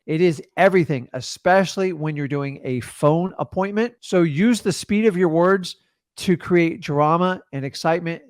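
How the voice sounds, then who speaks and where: A young man coaching real estate wholesaling, teaching with lively emphasis and shifting pace to demonstrate tonality. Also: fairly high pitch, dry recording, studio quality. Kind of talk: energetic teaching monologue.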